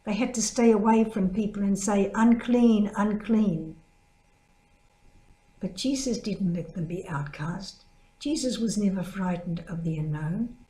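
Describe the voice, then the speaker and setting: An older woman, a religious sister, giving a gentle spoken reflection built around a story, lifting her voice to act out the people she quotes. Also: moderate pace. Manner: storytelling, acts out quoted voices with higher pitch. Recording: echoey room.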